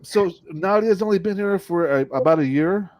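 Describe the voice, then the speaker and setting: Podcast host, male, fairly high voice, loose and jokey with casual cursing. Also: moderate pace, a little mellow. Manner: loose, joking, swears freely. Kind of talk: casual interview chat.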